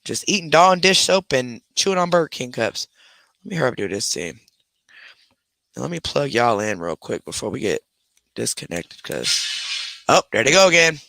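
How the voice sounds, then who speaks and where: A man hosting a casual livestream from his bedroom at home, telling stories in an animated way and scolding his dogs in between. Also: a little high, normal speed, gravelly, pauses often, no room sound. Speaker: livestream host. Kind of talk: casual live chat.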